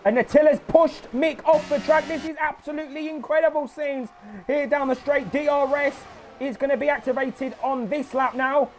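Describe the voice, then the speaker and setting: High-voiced sweary race commentator. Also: male voice, steady tone, normal speed, a little hiss or hum. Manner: sweary, frantic, shouting at crashes. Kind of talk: excitable sim racing commentary.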